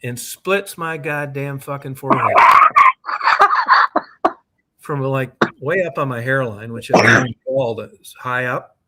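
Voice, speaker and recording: A man with a mid-range voice speaks slowly, leaving long pauses, over a noisy crowd. He's a podcast co-host rambling through a long, profane anecdote in casual chat, while his fellow co-host chips in with short reactions.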